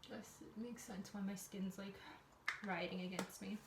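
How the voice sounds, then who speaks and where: A woman's voice: medium pitch, steady tone, moderate pace, heavy background noise. A young adult woman vlogging casually at home, chatty and rambling, with lots of fillers. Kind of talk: casual vlog chat.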